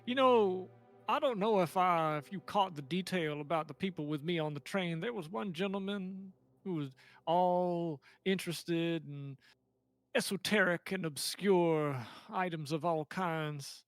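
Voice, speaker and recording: A man's voice: sits high, measured pace, no room sound, faint music behind. A man voicing a crazed, naked homeless man who rambles and preaches like an unhinged prophet, in tabletop role-play. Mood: preachy warning.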